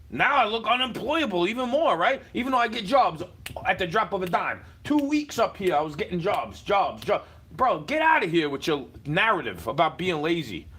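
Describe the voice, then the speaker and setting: Profane, ranting man with a lively pitch. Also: slightly rough. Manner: profane, confrontational, shouting at times. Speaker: livestreamer. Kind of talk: angry rant to camera. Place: indoors, home. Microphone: camera.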